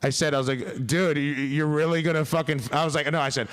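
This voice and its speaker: Podcast guest, man with a slightly high voice, profane and rambling. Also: fairly even intonation, quick pace, hardly any pauses, fairly bright tone, smooth. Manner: profane, rambling, laughs through his stories. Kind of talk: casual storytelling.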